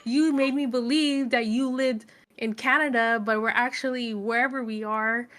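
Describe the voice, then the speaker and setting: A woman's voice: fairly even intonation, normal speed, fairly bright tone, lightly acted. A woman doing an indignant young half-elf woman. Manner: high, protesting quotes in a retelling.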